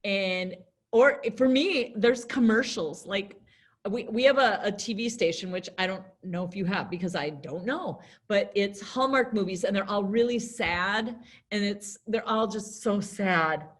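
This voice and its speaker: A woman's voice: mid-range voice, a little slow. Chatty American woman teaching. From United States. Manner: lively, chatty, acts out little scenes. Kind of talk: classroom lesson talk.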